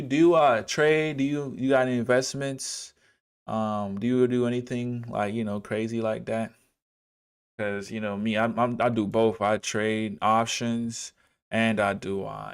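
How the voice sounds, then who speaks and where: A man from Dallas, chatting casually with viewers on a livestream while he walks through stock charts. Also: medium pitch. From Dallas, Texas. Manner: laid-back, chats with viewers while reading charts. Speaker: livestreamer teaching trading.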